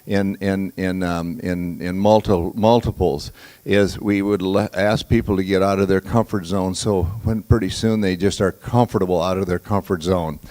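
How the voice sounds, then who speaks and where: A man hosting a graduation ceremony, speaking to the class and the audience in a halting way, with many fillers and restarts. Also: deep voice, fairly even intonation, a little mellow. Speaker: auction school leader hosting a graduation.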